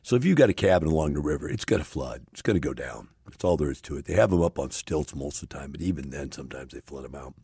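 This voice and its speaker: Gravelly-voiced man, folksy motivational talk. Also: extremely low pitch, expressive, fast talker, hardly any pauses, mellow, no room sound, studio quality. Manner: folksy, emphatic, rises to passionate urging. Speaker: host.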